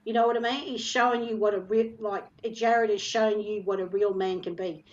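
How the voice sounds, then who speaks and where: A woman giving a psychic reading on a video call, halting and emotional, with many fillers. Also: mid-range voice, steady tone. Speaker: psychic reader. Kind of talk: live stream psychic reading. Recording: muffled lo-fi stream audio.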